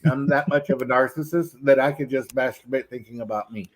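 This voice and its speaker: A man's voice: mid-range voice, a little fast, low-quality recording. A man joking crudely and boastfully in a casual group chat.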